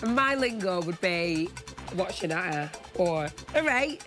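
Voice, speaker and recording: A woman's voice: lowish voice, animated, a little slow, fairly bright tone. A woman hosting a late-night entertainment show, bubbly and chatty. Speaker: host. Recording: music in the background.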